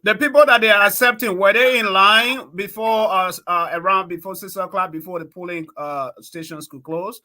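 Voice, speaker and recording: A man hosting a live election night talk show, talking excitably and straight to his viewers. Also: sits high, normal speed, few pauses. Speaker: host.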